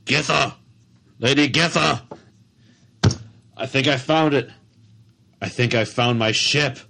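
A grandiose sea captain, boastful and excitable, who talks in big sweeping phrases, played by a man. He has an ordinary mid-range voice. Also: mid-range voice, slow pace, creaky, slight background noise, exaggerated voice. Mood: excited.

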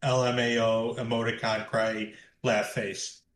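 A man's voice: medium pitch, flat delivery, unhurried, fairly bright tone, echoey room, slight background noise. A man playing a tabletop game, joking casually. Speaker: player.

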